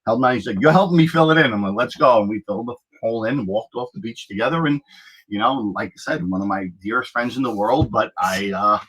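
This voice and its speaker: Husky-voiced middle-aged man telling stories. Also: lowish voice, quick pace, low-quality recording. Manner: animated storyteller, acts out quotes. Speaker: guest, lifeguard. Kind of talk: casual conversational storytelling.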